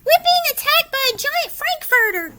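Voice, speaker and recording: A woman's voice: very high-pitched, drawn-out words, sharp tone, a little hiss or hum, pitched above the performer's own voice, exaggerated voice. A woman voicing two small ornery cats screaming and meowing as they flee in a storybook.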